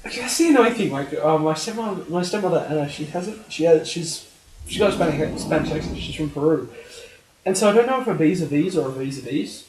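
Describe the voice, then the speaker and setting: A man's voice: on the high side, expressive, fast talker, noisy background. A man in his twenties chatting as a podcast guest, swearing and laughing as he talks. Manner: swears, laughs while talking. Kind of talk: casual chat. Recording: echoey room.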